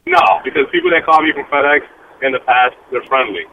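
A man's voice: medium pitch, brisk. Defensive stammering man on a car phone. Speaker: prank call target. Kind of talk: phone call while driving. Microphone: car hands-free phone. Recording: noisy hands-free phone line.

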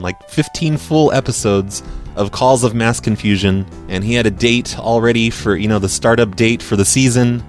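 A man hosting a prank-call show talks in a loose, rambling way full of fillers, at a middling pitch. Faint music plays softly behind him. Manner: rambling, chatty, many fillers. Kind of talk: casual podcast monologue and prank calls.

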